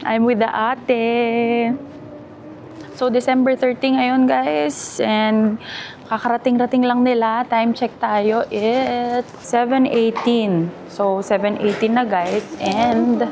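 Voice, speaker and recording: Slow-talking high-voiced woman vlogger. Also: background noise. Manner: playful, coos and repeats words to a baby; mixes Tagalog, English and Japanese. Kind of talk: casual family vlog chat.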